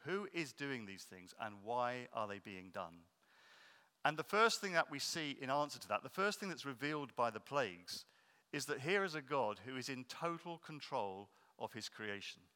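A man preaching a sermon, explaining earnestly and slowing down to stress key points. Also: mid-range voice, big pitch swings, sharp tone, clean tone. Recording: long reverb of a hall.

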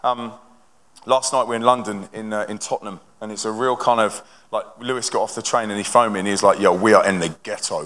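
A young man from a touring Christian band, telling stories to a church audience in an energetic, conversational way with lots of restarts. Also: on the low side, quick pace. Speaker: touring Christian band member speaking to a congregation. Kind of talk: live testimony talk to an audience. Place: church hall with a live audience. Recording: long hall reverb from a large venue.

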